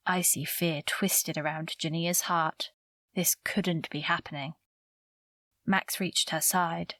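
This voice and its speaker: A woman narrating a romantic suspense audiobook in a measured, even storytelling manner, recorded close to the mic. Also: deep voice, no room sound. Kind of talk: scripted narration.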